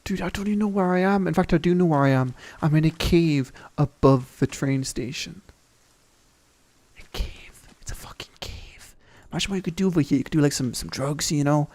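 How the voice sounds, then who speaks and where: A young man hosting a gaming channel, giving excitable, rambling, swear-filled commentary as he tours a game map. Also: fairly high pitch, fast talker, few pauses.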